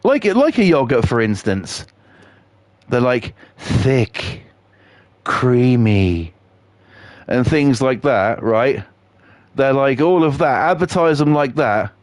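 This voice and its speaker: A man's voice: mid-range voice, very animated, slow pace, pauses often, no echo. A man, chatting on a live game stream in a sweary, rambling, jokey way. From England. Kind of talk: casual chat on a live stream.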